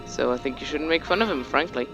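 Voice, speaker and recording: A young man in casual let's-play commentary, rambling and joking as he plays. His voice sits a bit high, and he swears freely. Faint game music runs behind him. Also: quick pace, lo-fi sound.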